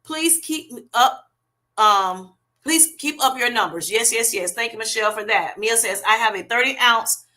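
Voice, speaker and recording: A woman's voice: a little high, normal speed, pushed and bright. A middle-aged woman hosting a casual livestream, reading viewer comments and answering in an affectionate, chatty way. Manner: chatty, affectionate, calls viewers honey and baby.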